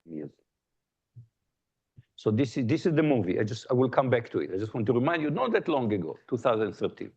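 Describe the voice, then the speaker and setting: A man's voice: medium pitch, sing-song, brisk, pauses often, a little mellow, slightly rough, lo-fi sound. A man giving a colloquium talk in a lecture hall, speaking conversationally with jokes, anecdotes and frequent restarts.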